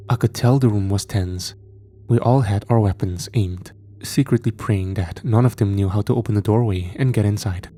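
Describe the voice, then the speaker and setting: Guy reading a creepy horror story, low mellow voice, faint hiss behind. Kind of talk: scripted first-person horror narration.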